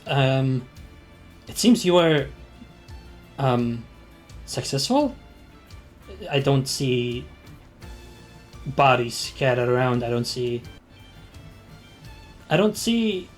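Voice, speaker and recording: A man voicing a weary, polite male tiefling leader in a tabletop game, halting and apologetic. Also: mid-range voice, a bit bright, faint music behind.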